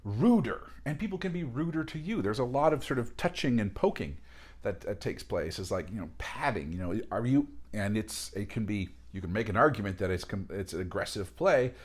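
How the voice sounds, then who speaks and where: Lower-pitched man giving a casual lecture. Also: brisk, slightly rough. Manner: discursive, many fillers and restarts, animated asides. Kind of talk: casual spoken lecture on a reading.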